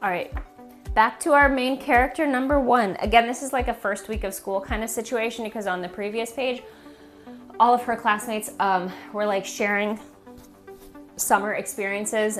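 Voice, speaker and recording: A woman walks through a children's book in an instructional video, speaking in a relaxed, conversational way. Her voice sits at an average pitch and she often pauses with fillers. Faint background music plays under her. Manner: casual, conversational, many fillers like "like" and "um". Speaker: reading teacher.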